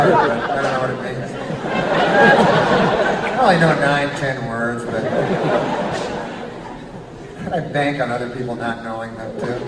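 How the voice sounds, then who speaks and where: A man doing a rambling, profane stand-up routine, often chuckling at his own jokes. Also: mid-range voice. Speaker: stand-up comedian. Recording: echoey hall, mic far off, loud crowd and noise.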